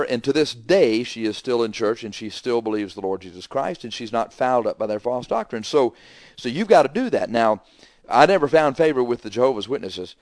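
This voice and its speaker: A man delivers a radio sermon as a pastor, telling a story of a doctrinal dispute with mounting emphasis. His speech is plain and forceful, recorded close and dry with no room sound. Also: medium pitch, no echo. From Texas. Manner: emphatic, retells arguments with rising heat.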